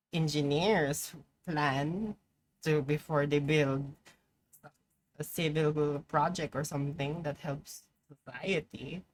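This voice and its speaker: A young adult woman with a deep voice streams live, chatting casually over gameplay with slight background noise. She rambles, swears freely, and breaks into sudden outbursts.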